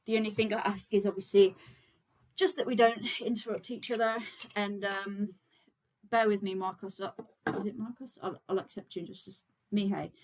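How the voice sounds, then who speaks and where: With a mid-range voice, fairly even intonation, and normal speed, this Birmingham woman chats through a casual livestream. She's a vegan activist and host, talking informally to viewers with many fillers as she sets up.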